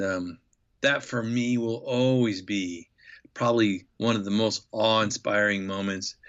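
A man telling an enthusiastic, reflective story as a guest in an interview, with many pauses and fillers. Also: lowish voice, a bit bright, highs cut off.

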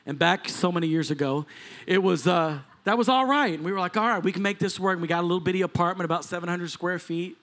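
Pastor guy in his 40s preaching, fairly high voice, tells stories, does the voices, laughs a lot. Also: fast. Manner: animated, acts out quoted voices, laughs often. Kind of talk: sermon storytelling.

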